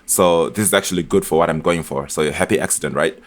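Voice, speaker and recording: A man explaining his music production in a casual tutorial, chatty and relaxed, with frequent fillers and restarts. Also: low-pitched, fast talker. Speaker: music producer demonstrating a beat remake. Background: beat elements playing from the project.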